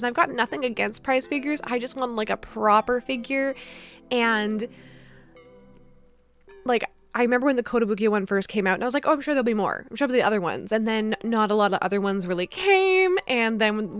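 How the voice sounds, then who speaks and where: Gushing giggly young woman, soft music behind. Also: a little high. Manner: gushing, giggly, filler-heavy. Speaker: vlogger. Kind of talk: casual unboxing chat.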